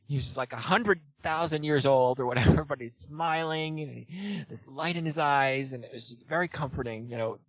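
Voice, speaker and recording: A man's voice: fairly high pitch, normal speed, few pauses, fairly bright tone, dry recording, rough recording. A man spins a long personal story in loose, casual talk. He rambles, leans on "you know" and "like", and acts out what everyone said. His voice sits close and dry, with almost no room sound. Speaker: guest.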